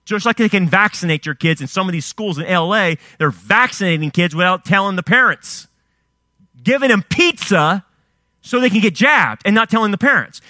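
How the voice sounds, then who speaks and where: A man's voice: high voice, lively intonation, moderate pace, pushed and bright, dry recording, studio quality. A man preaching a sermon, firing off rhetorical questions and swinging his emphasis up and down. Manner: fiery rhetorical questions, rising and dropping emphasis.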